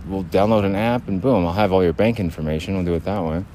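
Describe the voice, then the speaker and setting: A man's voice: sits low, fast, hardly any pauses, dark tone, a little hiss or hum. A man hosting a solo podcast, talking in a rambling way, restarting his sentences and laughing at himself. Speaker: podcast host.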